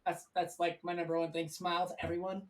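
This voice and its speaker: A man's voice: high-pitched, monotone, fast, distant mic, rough recording. A man speaking as a guest on a live stream, telling his story in a candid, rambling way with plenty of swearing.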